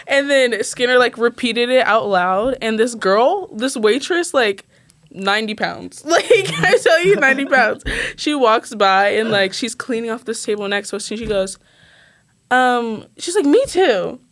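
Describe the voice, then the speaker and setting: A woman's voice: on the high side, a little slow. A young woman co-hosting a podcast, telling a story in casual chat, laughing often and filling her speech with "like". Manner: animated, laughing, says "like" constantly. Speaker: podcast co-host.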